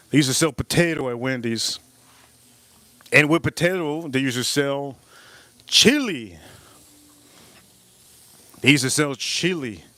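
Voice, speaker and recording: A man's voice: fairly high pitch, no room sound. Rambling man telling a story at the grill. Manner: repetitive, animated storyteller who jumps between the tale and the grill. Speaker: live-stream cook and host. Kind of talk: rambling live-stream storytelling while grilling. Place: outdoors at a charcoal grill.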